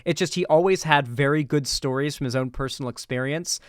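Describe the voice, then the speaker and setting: A man's voice: fairly high pitch, a little fast, clear, resonant tone, no echo. Rambling man telling a school story, dry sound. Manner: rambling, animated, swears casually. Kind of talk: casual storytelling commentary.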